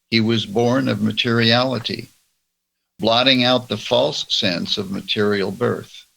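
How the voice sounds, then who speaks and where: A man leading a church roundtable, reading religious passages aloud in a slow, measured way. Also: lowish voice, creaky, bright, forceful tone, husky, rough recording. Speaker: church discussion leader. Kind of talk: reading and discussing religious texts.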